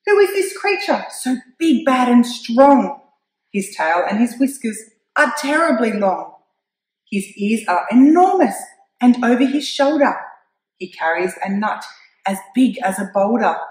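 A woman voicing a young female Gruffalo child, stubborn and bold, with a lively, exclaiming delivery. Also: on the low side, a little slow, echoey room, low-quality recording. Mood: alarmed.

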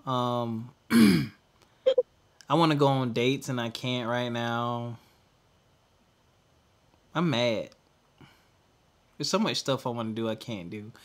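A young adult man co-hosting a podcast, venting candidly in casual chat and trailing off into quiet mutters. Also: medium pitch. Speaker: podcast co-host.

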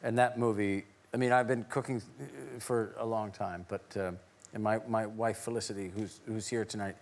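A man's voice: on the low side, normal speed, vocal fry. A man who is a guest on a TV talk show, telling a story with animation and laughing as he goes. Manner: animated anecdote, laughing as he tells it. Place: TV studio before an audience.

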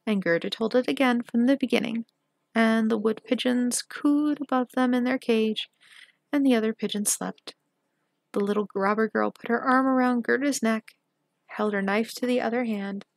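A woman reading a fairy tale aloud in a measured, expressive storybook style. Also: a little high, gravelly, no echo. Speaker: storybook reader.

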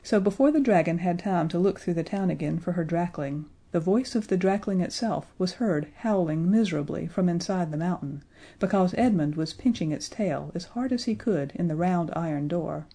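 Mellow-voiced woman reading a children's story. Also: lowish voice, normal speed, breathy edge. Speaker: audiobook narrator.

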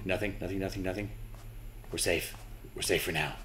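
A man's voice: deep voice, fairly even intonation, fairly quick, a bit bright. A young man commentating his own horror game playthrough, nervous, swearing and talking to himself and to the game. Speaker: gaming channel host.

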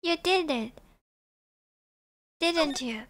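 A confident young defense lawyer presses a witness with insistent, accusing lines, read by a woman. The voice is high and the pace slow and deliberate. Background music runs underneath. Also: expressive, fairly bright tone, exaggerated voice.

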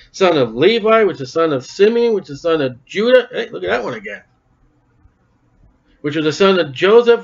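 Folksy preacher, slightly high voice. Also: male voice. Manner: folksy, breaks off the reading with wry joking asides. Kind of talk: sermon, reading scripture aloud. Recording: dull lo-fi recording.

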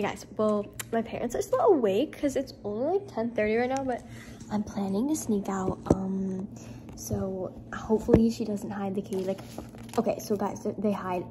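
A woman's voice: medium pitch, brisk, noisy background. A young woman vlogging in a casual, giggly, rambling way, full of fillers, filmed on a handheld camera at home and out on a night walk. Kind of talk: casual vlog chat.

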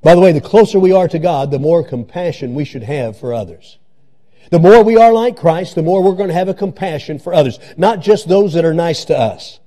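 Inside a church sanctuary, a male pastor preaches with a slightly high, mellow, animated voice, moving a little fast. His style is repetitive and emphatic, as he returns to his phrases and stresses them again and again.

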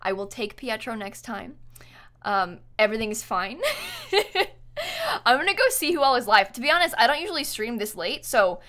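A woman live-streaming a video game, chatting with viewers in an excitable, dramatic, giggly way. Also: fairly high pitch, moderate pace. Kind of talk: live-stream chat while gaming.

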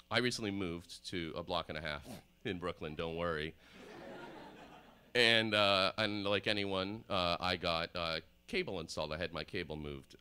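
Male stand-up, 30s, deadpan and rambling, lowish bright voice. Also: smooth. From Soviet Union. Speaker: stand-up comedian. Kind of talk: live stand-up comedy. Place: live performance space on stage.

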